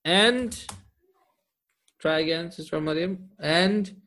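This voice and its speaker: Male language teacher, somewhat high voice, patient, slow drawn-out explanations for a class. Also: pushed and bright. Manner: patient, quizzing students with frequent "okay?" and "hmm?". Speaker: Arabic teacher. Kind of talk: classroom grammar lesson.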